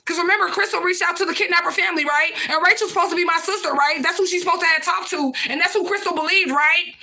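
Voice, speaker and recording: A woman hosts a livestream in a heated, profane rant, confronting people and calling out to her viewers. Her voice sits high and carries a bright, sharp edge. She circles back to the same points again and again. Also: fairly even intonation, fast talker, few pauses. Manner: profane, confrontational, repeats herself, addresses viewers as y'all. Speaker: livestream host.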